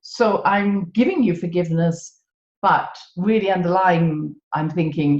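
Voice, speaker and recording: British woman podcast host, low voice, gentle and wry, echoey room, dull lo-fi sound. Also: a little slow. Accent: British English. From Britain. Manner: gentle, self-mocking, laughs often. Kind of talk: reflective solo podcast talk.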